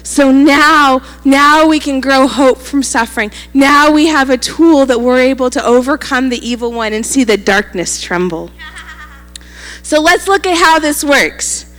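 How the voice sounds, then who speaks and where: A woman's voice: sits high, measured pace, a bit bright, big-room sound, faint music behind. A woman pastor preaching a sermon, telling a story animatedly and acting out the quoted lines.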